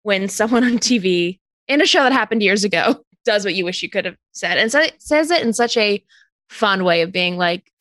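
A woman's voice: mid-range voice, expressive, normal speed, fairly bright tone, no room sound. A woman co-hosting a casual chat show, giggling often and trailing off to restart her sentences. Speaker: podcast co-host.

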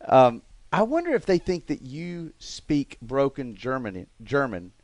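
A man's voice: mid-range voice, unhurried, no room sound. A man hosting a podcast, chatting casually and teasing his guest. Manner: joking, animated, teasing. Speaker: podcast host. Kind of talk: casual chat.

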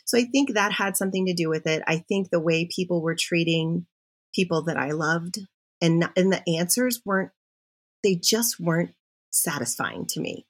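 A middle-aged woman tells her own story on a podcast in a candid, animated way, often cutting herself off mid-thought. Her voice sits a little low and has a husky, breathy edge. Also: moderate pace. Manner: animated and confessional, with self-interruptions. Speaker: podcast guest.

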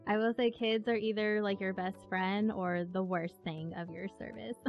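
A woman hosting a casual chat, animated and quick to exclaim. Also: mid-range voice. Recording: dull, lo-fi audio with faint music.

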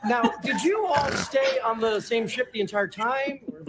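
An actor playing a government official asking measured, formal questions. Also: mid-range voice, animated, heavy background noise, close to an everyday voice. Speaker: government interviewer.

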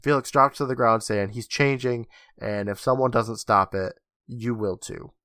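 A man's voice: medium pitch, moderate pace, dry recording. Male podcast co-host, casual recap with acted-out quotes, dry close sound. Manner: animated retelling, acting out lines.

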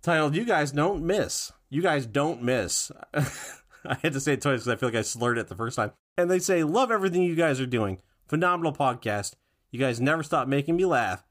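A man's voice: mid-range voice, expressive, brisk, a bit bright. A man co-hosting a podcast in casual chat, joking and self-deprecating. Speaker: podcast co-host.

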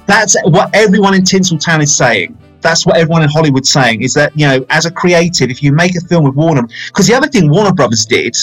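A man's voice: a little high, expressive, quick pace, few pauses, faint music behind, low-quality recording. Chatty rambling man in his forties. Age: 40s. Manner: chatty, rambling, self-mocking. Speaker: podcast host. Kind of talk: casual film chat.

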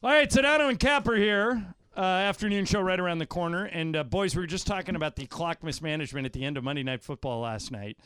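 Sports radio host man, fairly high voice. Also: quick pace, hardly any pauses, a bit bright, clean tone, no room sound. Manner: conversational, leads segments. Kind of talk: casual sports talk.

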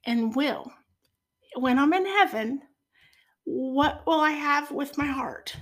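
A woman in her forties tells her story of faith as a podcast guest. Her voice sits a little high and soft, and it sometimes falls almost to a whisper. She speaks earnestly and with feeling. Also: lively intonation, slow. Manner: earnest, tearful at moments. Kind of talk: personal faith testimony.

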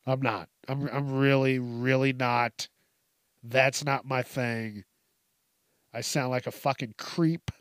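A man's voice: mid-range voice, steady tone, slow pace, a bit bright, no room sound, studio quality. A man hosting a podcast, talking casually in a profane, self-deprecating way, laughing often and restarting his sentences. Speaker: podcast host. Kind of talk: casual monologue.

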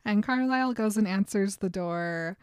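A woman's voice: medium pitch, moderate pace, clear, resonant tone, no room sound, studio quality. A young adult woman co-hosting a podcast, retelling a novel in casual chat, chatty and often giggling. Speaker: podcast co-host.

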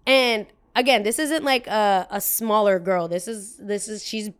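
A woman's voice: mid-range voice, a little slow, smooth. A young woman hosting a podcast, telling a story in a casual, chatty way, full of "like" and acted-out voices of the people involved. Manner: chatty, peppered with "like", acts out quoted voices. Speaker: podcast host.

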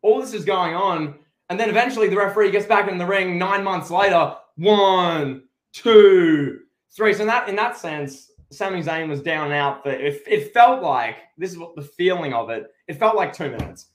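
Guy cohosting a wrestling pod, emphatic, kinda high voice, roomy echo. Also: a little fast, hardly any pauses, fairly bright tone. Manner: opinionated, emphatic, many restarts. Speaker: podcast co-host. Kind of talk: casual wrestling recap chat.

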